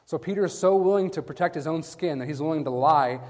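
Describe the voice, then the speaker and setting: A man's voice: a little high, fast talker. Emphatic male preacher in a reverberant hall. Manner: emphatic, asks the listeners "right?"; swings from hushed lines to loud stressed bursts. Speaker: preacher teaching a Bible passage. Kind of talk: sermon. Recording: long reverb from a large hall.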